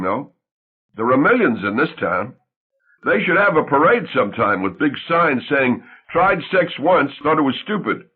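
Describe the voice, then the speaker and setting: A man playing a shy, deadpan, husky grown man. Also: fairly high pitch. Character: shy, odd grown man, dry and self-mocking. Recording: tinny phone-like sound.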